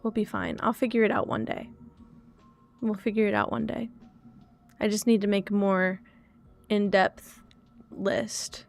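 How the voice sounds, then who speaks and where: A woman's voice: medium pitch, steady tone, measured pace, pauses often, faint music behind. A young woman streamer chatting casually to her viewers, frustrated and self-critical as she talks through her troubles. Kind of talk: casual live-stream chat.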